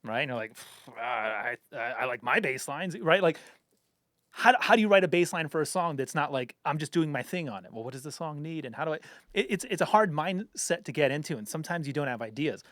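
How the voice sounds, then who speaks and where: A man, a bass player and teacher, chatting casually on a podcast and explaining with examples and frequent asides to the listener. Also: animated, quick pace, fairly bright tone, no room sound, clean studio sound. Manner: explains with examples, many "you know what I mean" asides.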